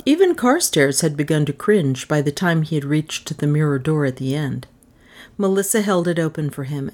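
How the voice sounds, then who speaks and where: A woman reads a story aloud in a lowish voice that swings widely in pitch. Her delivery is slow and deliberate, with dry humor in the narration. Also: a little mellow.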